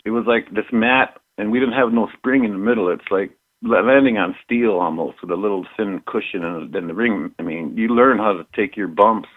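A middle-aged former pro wrestler from Minnesota, telling rambling stories in an interview, repeating himself and laughing often. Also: male voice, lowish voice, a little fast. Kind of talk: casual storytelling interview. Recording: tinny phone line.

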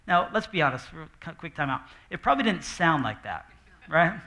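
Brief: young male pastor, high bright voice, chatty and animated, preaching on a stage. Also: a little fast. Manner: animated and conversational, acting out quoted voices. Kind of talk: sermon. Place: church stage before a congregation.

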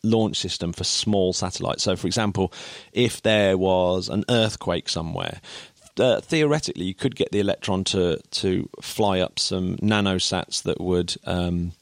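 A man with a very low voice talks through a topic in a loose, chatty way. He restarts his sentences often and breaks into chuckles. The sound is close and dry, with no room around it. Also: normal speed, hardly any pauses, no room sound. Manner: rambling, self-correcting, chuckles often. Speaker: podcast co-host. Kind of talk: casual explanatory chat.

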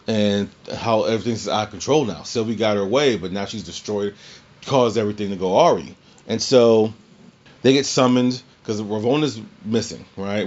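Rambling lo-fi man recapping a show. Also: lowish voice. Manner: rambling, swears, restarts often. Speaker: podcast host. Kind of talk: casual recap chat.

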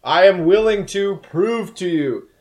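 A man voicing an undead male demon cat who speaks in a booming, solemn voice. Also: animated, darkish tone. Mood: urgent. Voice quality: booming, slow and grand.

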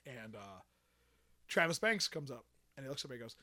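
A man's voice: mid-range voice, brisk. A man hosting a podcast, telling stories in casual chat and acting out the dialogue. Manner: animated storyteller who acts out quoted dialogue. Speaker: podcast host.

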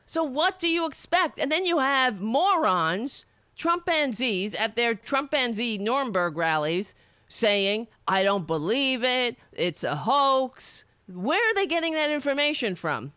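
A woman's voice: high-pitched, pushed and bright, no echo. A woman giving an angry, profane commentary on a played clip, sarcastic and mocking. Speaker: political commentator.

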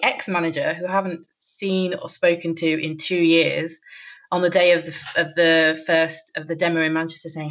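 A young woman talking casually and hesitantly, with frequent pauses, ums and nervous laughs. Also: lowish voice, fairly bright tone. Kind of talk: casual chat. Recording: muffled lo-fi recording.

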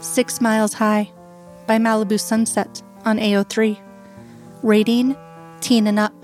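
A woman narrating a story with a slow, measured reading. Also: on the high side, flat delivery, a little mellow, soft background music. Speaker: audiobook narrator. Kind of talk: scripted narration of fan fiction.

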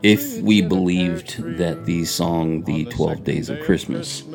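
A man with a low, gravelly voice co-hosts a morning faith show in a church radio studio. His talk is upbeat and chatty. A music bed runs clearly beneath him. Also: slow pace. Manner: upbeat, chatty, reads passages aloud. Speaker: podcast co-host. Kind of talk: casual radio chat.

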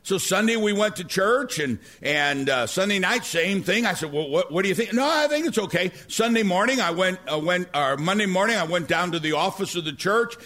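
A middle-aged male pastor preaching a sermon, telling stories with animated energy and rising to near-shouts. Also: high voice, brisk, few pauses.

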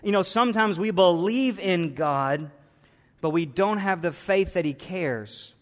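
A man's voice: high voice, measured pace, big-room sound. A man preaching a sermon with passion, full of rhetorical questions and repeated restarts. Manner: impassioned, repetitive, many rhetorical questions and restarts. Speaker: pastor.

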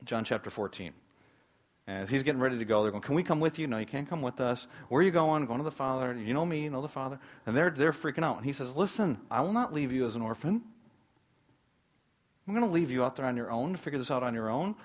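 A man preaching a sermon, emphatic, swinging between loud declarations and quiet, hushed asides. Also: mid-range voice, animated, fast talker. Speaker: pastor.

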